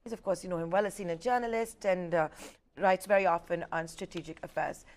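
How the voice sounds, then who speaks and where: Brisk woman news anchor. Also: lowish voice, steady tone, darkish tone. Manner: brisk, probing questions with fillers. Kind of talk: television news interview and panel hosting.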